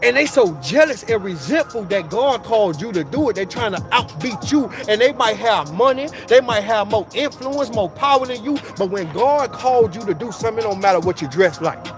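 A man with a fairly high voice delivers street-slang motivation in a rolling, repetitive preaching cadence. A clear music bed runs under his voice throughout. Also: expressive, a little fast, hardly any pauses. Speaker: motivational speaker.

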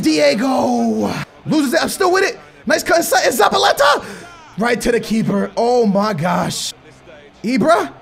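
A young man giving excitable live commentary on his own football video game matches, muttering while he concentrates and yelling when he scores. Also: extremely high pitch, measured pace, vocal fry. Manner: excitable, bursts into shouting at goals. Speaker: gaming YouTuber.

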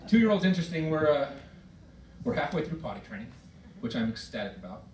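A middle-aged man performing stand-up comedy, telling stories in an exasperated way with shouted outbursts. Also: a little high, sing-song, fairly quick. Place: performance hall with a live audience. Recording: roomy hall recording from far off, loud noise.

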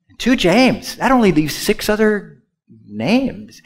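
High, lively-voiced male pastor preaching. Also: slow. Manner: swings between loud emphatic lines and hushed asides; leads the congregation in repeating words. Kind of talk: sermon.

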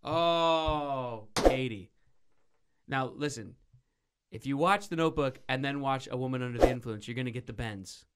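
A man hosting a show, chatting casually in an excitable, playful way. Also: medium pitch, normal speed, heavy background noise. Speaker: show host. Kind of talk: casual studio chat.

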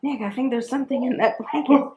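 A woman's voice: high voice, quick pace, a little mellow. Chatty laughing woman vlogger. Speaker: vlog host. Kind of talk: casual home vlog chat. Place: family home living room.

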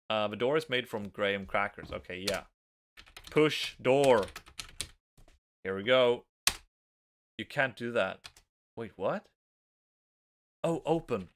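A man's voice: lowish voice, background noise. A young man with a Norwegian accent, a native Norwegian speaker, casually commenting on a game he plays and reading its text aloud with nervous giggles. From Norway. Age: young adult. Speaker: let's play host.

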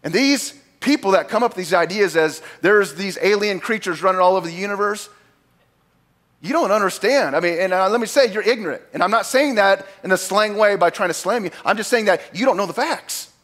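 A man preaching a sermon as pastor, talking casually to his congregation and acting out quoted lines with big jumps in pitch and loudness. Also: fairly quick. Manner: animated, acts out God's lines with big swings in pitch and volume; conversational asides to the congregation.

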